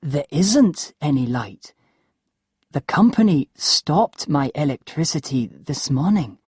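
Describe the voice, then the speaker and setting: A woman's voice: low-pitched, big pitch swings, takes it slowly, a little mellow, breathy edge, no room sound, studio quality, pitched above the performer's own voice, heavily acted. Polite, apologetic castle owner, read by a woman. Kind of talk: storybook reading.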